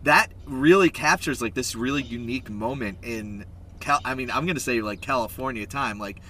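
A man hosting a podcast, chatting casually in a relaxed way with lots of "like" fillers. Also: medium pitch, normal speed, slight background noise. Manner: relaxed, filler-heavy, many "like"s. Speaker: podcast host. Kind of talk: casual chat.

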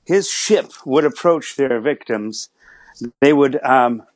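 A man's voice: medium pitch, takes it slowly, dry recording, lightly acted. A man playing a friendly pirate captain in a chat, speaking in his everyday voice, hesitant with many fillers. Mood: storytelling. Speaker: pirate character guest.

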